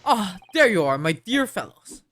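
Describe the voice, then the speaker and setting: Brief: woman doing a snooty, theatrical gentleman sleuth, formal and self-assured. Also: medium pitch, sing-song, normal speed. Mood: lofty. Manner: lofty, mannered formality. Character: pompous, eccentric gentleman detective. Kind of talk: reading a visual novel aloud.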